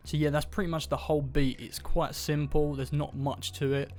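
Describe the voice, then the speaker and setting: A man casually talking through how he built a beat step by step, in a relaxed, offhand tutorial voice-over. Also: fairly high pitch, normal speed, over loud music. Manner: relaxed, offhand, loose run-on steps. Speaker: beat producer explaining his process. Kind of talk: casual screen-recorded production tutorial.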